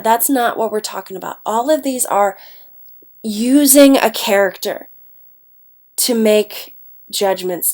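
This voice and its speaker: A woman from Ohio, an English teacher, giving a recorded class lecture with a stuffed-up nose, chatty and often checking in with "okay?". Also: medium pitch. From Ohio, United States.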